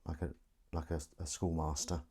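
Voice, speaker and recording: A deep, slightly husky man talks on his own stream, half to himself and half to his viewers. He rambles and mocks his own phrasing, chatty and unpolished. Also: flat delivery, normal speed, dark tone. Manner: rambling, self-mocking, talks to himself while setting up. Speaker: livestream host. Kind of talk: casual solo livestream chat.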